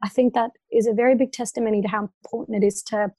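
A young Australian woman speaking as a podcast guest, earnest and passionate, quick to laugh. Her voice sits a little high. The sound is dry and close, with no room around it. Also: fairly even intonation, a little mellow, dry recording. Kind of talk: casual interview chat.

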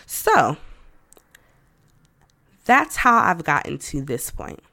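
With a low, gravelly voice that sounds pushed and bright, a woman hosts her own podcast in a dry, studio-quality recording. Her talk is a candid personal reflection, casual in tone, with self-directed asides and light laughter.

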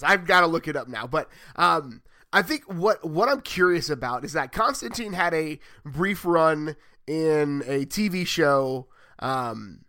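A man co-hosting a podcast in casual chat, rambling and correcting himself as he thinks out loud. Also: a little high, dry recording. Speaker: podcast co-host.

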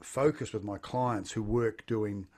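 A man's voice: lowish voice, fairly even intonation, a little slow, warm tone. A man with a New Zealand accent hosting a business podcast, asking long, informal, rambling questions. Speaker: podcast host. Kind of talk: conversational interview.

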